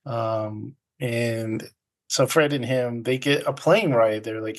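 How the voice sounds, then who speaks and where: Slow-talking man recapping a film. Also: mid-range voice. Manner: rambling, laughs often, acts out quotes. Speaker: podcast co-host recapping a film. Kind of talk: casual chat.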